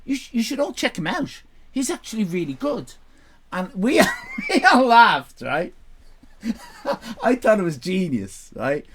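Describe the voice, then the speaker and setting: Male streamer, rambling and self-mocking, very animated pitch. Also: measured pace, breathy edge. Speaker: live streamer. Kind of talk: casual live-stream chat.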